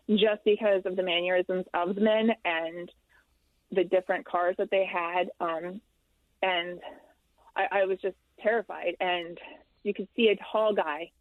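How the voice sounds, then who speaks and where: A woman's voice: medium pitch, no echo. Woman on a tinny, dry phone-like line. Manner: candid, halting storytelling with frequent ums and restarts. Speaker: interview guest, military widow. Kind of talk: recounting a personal story in an interview.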